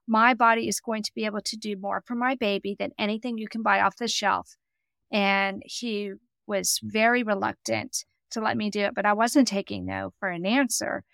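A woman's voice: mid-range voice, creaky, a bit bright, dry recording. A middle-aged woman telling an emotional personal story in an interview, earnest and quoting the people she speaks of. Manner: earnest, emotional, quotes others in dialogue. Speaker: guest.

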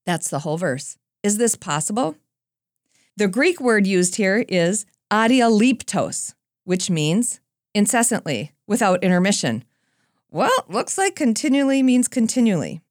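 A woman giving a Christian talk, telling a personal story in a lively, conversational way with self-deprecating asides. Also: mid-range voice, measured pace, no echo, clean studio sound. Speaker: Christian speaker.

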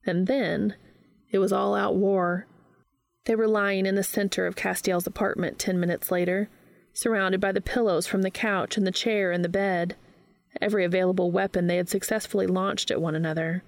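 A woman reading fan fiction aloud in a steady, even narrating voice. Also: mid-range voice, moderate pace, vocal fry, no room sound.

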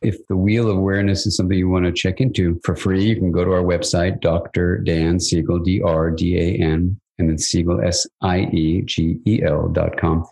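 Low gravelly older man explaining. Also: normal speed, hardly any pauses, rough recording. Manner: animated storyteller, acts out quoted dialogue. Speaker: psychiatrist guest. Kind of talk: conversational interview explanation.

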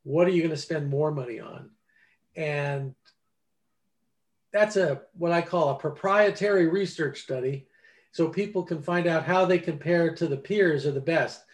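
Unhurried and fairly high-pitched, the author and ghostwriter, older than forty, talks casually in an interview. He tells his stories with energy and plays out the conversations he quotes.

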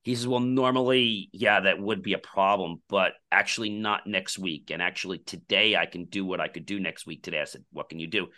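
Male podcast guest, deep bright voice, animated storyteller who plays out the back-and-forth in his anecdotes. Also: brisk, hardly any pauses. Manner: animated storyteller acting out quoted dialogue. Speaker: podcast guest, company founder.

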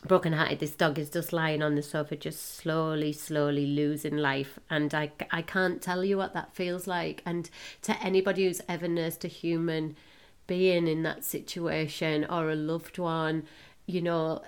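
A middle-aged woman hosting a podcast, telling a personal story emotionally, with halting restarts. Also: low-pitched, little pitch movement, clean tone. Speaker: podcast host.

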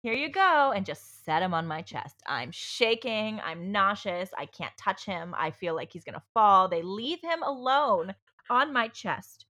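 A woman's voice: mid-range voice, expressive, a little slow, pushed and bright. A woman on a podcast, telling her own story in casual chat, rambling and candid, with many fillers and restarts and some swearing. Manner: swears freely.

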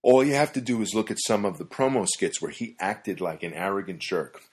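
A man's voice: low voice, a little fast, darkish tone, slightly rough. A man reading a scripted monologue in a wry, conversational way, amused at times. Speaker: commentator.

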